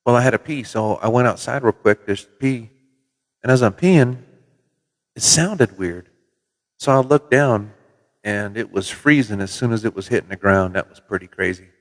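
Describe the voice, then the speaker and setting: A middle-aged man from Minnesota hosts a casual livestream from his CB radio shop, spinning relaxed, folksy stories with the odd swear word. His voice sits a little low. The room gives it a long, hall-like reverb. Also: normal speed. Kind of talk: casual livestream chat with viewers. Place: CB radio shop in New Mexico.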